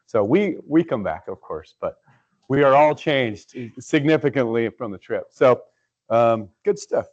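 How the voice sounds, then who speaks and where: A man giving a casual presentation to his church about a mission trip, halting with many ums and uhs. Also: medium pitch, animated. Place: church sanctuary. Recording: dull lo-fi church recording.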